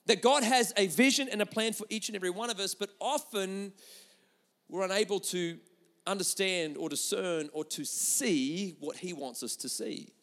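A middle-aged pastor preaches a sermon, telling a story in a chatty, animated way with many restarts and asking the audience questions. His voice sits high, his pace is moderate, and a long reverb tail follows.

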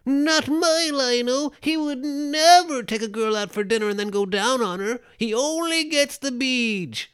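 A man's voice: very high-pitched, unhurried, few pauses, fairly bright tone, clean tone, voice pushed up. A man putting on the voice of an indignant, whiny male superhero fanboy.

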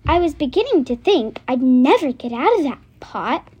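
A woman's voice: high voice, very animated, moderate pace, dark tone, a little hiss or hum. A woman voicing a tiny, brave female fairy in a children's story, urgent and eager.

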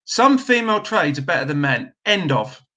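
A man's voice: fairly high pitch, sing-song, moderate pace, bright, forceful tone. A middle-aged man hosting a live stream, reading out viewer comments in a chatty, blunt way with lots of ums. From Britain. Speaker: host of a trades live stream.

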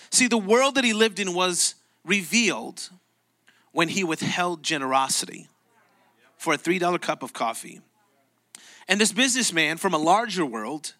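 A man's voice: sits high, sharp tone. A man preaching a sermon in church, telling a story in a conversational, emphatic way. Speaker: pastor.

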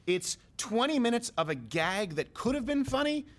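A man hosting a comedy talk podcast, riffing in quick, joking banter. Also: extremely high pitch. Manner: animated, quick, joking asides. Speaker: host.

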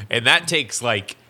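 A man's voice: fairly high pitch, bright, forceful tone. A man co-hosting a podcast, bantering, laughing easily and acting out little quotes as he tells stories. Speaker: podcast co-host. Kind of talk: casual chat.

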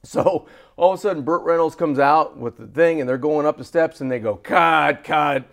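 A man co-hosting a sports talk show, telling a story in a lively way and acting out the voices of the people in it. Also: a little high, a little fast. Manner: animated, acts out quoted voices. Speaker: co-host. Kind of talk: casual storytelling.

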